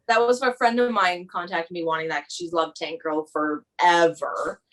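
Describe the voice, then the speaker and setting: A woman in her thirties from Canada, a podcast guest in casual chat, easygoing and quick to laugh. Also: lowish voice, fairly even intonation, a bit bright, low-quality recording. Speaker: podcast guest, doll maker.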